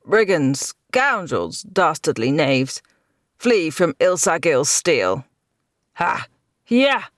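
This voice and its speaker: A woman narrator voicing a boisterous knight who roars slow, theatrical battle cries. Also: deep voice, sing-song, dry recording, studio quality, full character voice. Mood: roaring. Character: bold veteran knight, man, boisterous.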